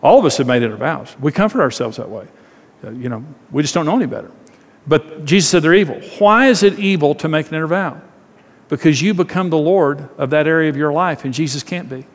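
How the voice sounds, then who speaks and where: A man's voice: fairly high pitch, lively intonation, quick pace, long reverb tail. A man preaching a sermon as a pastor, talking conversationally, acting out quoted voices and repeating phrases.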